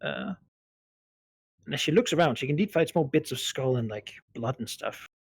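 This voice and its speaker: A man's voice: mid-range voice, lively intonation, normal speed, vocal fry, slightly rough, dry recording. A man narrating a tabletop game as game master, hesitant and full of fillers.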